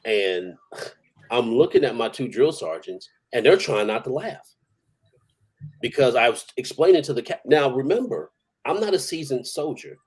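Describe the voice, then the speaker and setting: A man's voice: mid-range voice, animated, moderate pace, darkish tone, husky, rough recording. A man, an army veteran, telling stories in a casual, profane, rambling way and chuckling now and then. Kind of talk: casual storytelling.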